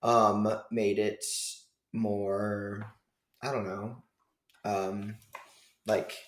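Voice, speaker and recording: A man hosting a casual film review chat, hesitant and filling pauses with ums as he thinks aloud. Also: on the low side, flat delivery, a bit bright, echoey room, slight background noise. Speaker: podcast host.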